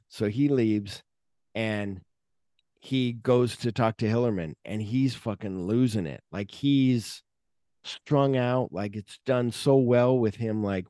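A man's voice: lowish voice, takes it slowly, warm tone, no echo, studio quality. A man hosting a casual movie podcast, retelling scenes with lots of profanity and acting out the characters' lines. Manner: profane, uses fillers like "like". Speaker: podcast host.

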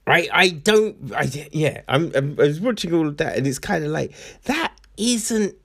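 A man's voice: on the high side, lively intonation, moderate pace, vocal fry, a bit bright. A young man recapping a fight card in a loose, slangy monologue, often repeating himself and asking "you know what I mean?". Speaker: MMA commentator.

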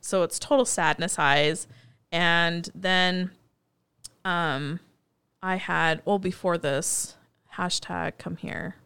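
A woman's voice: on the low side, takes it slowly, vocal fry, smooth, no room sound. A woman co-hosting a casual chat, animatedly retelling scenes and quoting the characters. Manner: chatty, animated retelling with quoted lines. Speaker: podcast co-host. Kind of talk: casual chat recapping a TV movie.

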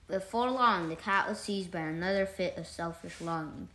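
A woman reading a fairy tale aloud in a calm, measured storytelling manner. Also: lowish voice, slight background noise. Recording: roomy echo.

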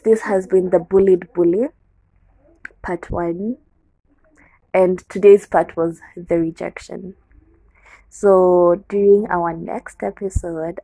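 A woman's voice: fairly low pitch, mellow, slightly rough, dry recording, low-quality recording. A young adult woman with a Kenyan accent candidly tells a personal story on her show, slipping into Swahili words. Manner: candid, code-switching into Swahili.

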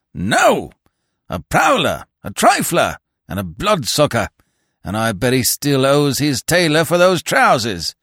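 A man voicing a young man disguised as a bearded street orator, declaiming loudly and scornfully. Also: a little high, no room sound, clean studio sound, exaggerated voice.

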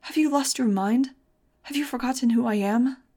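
A woman's voice: a little high, normal speed, warm tone, voice pushed up, natural voice. Woman voicing an outraged arrogant male scientist. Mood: indignant. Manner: indignant, commanding.

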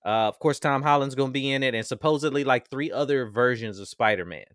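A man's voice: medium pitch, fast talker, fairly bright tone, dry recording, studio quality. A man co-hosting a podcast, joking and chatting casually. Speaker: podcast co-host. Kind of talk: casual chat.

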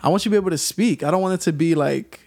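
A man's voice: fairly high pitch, rapid-fire, gravelly, darkish tone. A young man hosting a casual podcast chat, loose and storytelling, laughing often.

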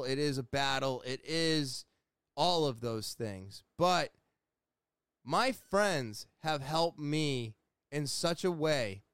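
A man's voice: on the high side, a bit bright, smooth, no room sound, clean studio sound. A man talking in a rambling, earnest, self-deprecating way in a casual video chat from a small room at home. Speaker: vlogger.

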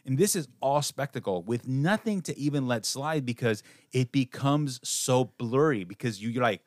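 A man co-hosts a casual movie podcast, animated and profane, restarting his sentences as he goes. His voice sits at an everyday middle pitch. The sound is dry and close, with no room in it. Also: normal speed, dry recording. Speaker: podcast co-host. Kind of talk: casual film-review banter.

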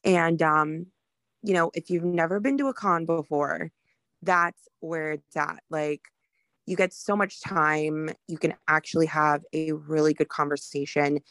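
A young adult woman co-hosting a podcast, chatting in a relaxed, easygoing way. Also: low voice, measured pace, no echo. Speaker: podcast co-host. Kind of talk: casual podcast chat.

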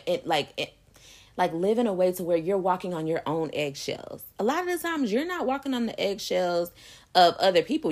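A young woman talking candidly and emphatically in a casual motivational monologue, swearing freely and calling listeners "baby.". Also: lowish voice.

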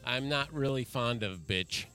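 A man guest on a podcast, telling a story among friends in a relaxed way and laughing easily. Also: mid-range voice, unhurried, faint music behind. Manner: laid-back, laughing. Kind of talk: casual storytelling.

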